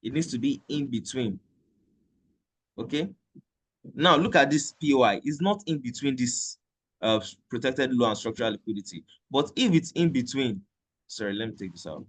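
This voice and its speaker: A man's voice: mid-range voice, expressive, moderate pace. A man teaching a live trading lesson in a conversational way, repeating points and checking in with "okay?". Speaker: trading instructor.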